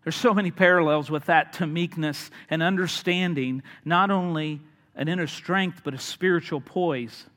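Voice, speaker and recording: A man preaching a sermon in an earnest manner, sometimes turning lively as he retells a story. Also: fairly high pitch, normal speed, in a large hall. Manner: earnest, builds to animated storytelling with acted voices.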